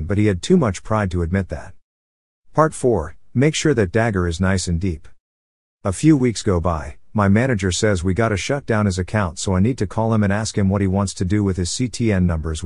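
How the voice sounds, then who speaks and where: A man's voice: lowish voice, a little mellow, dry recording, studio quality. A man narrating a forum revenge story in a wry, blunt, profane manner.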